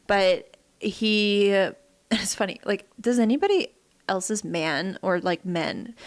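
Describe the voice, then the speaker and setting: A woman co-hosting a podcast, telling stories in casual chat, acting out quotes, laughing often and swearing freely. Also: medium pitch. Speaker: podcast co-host.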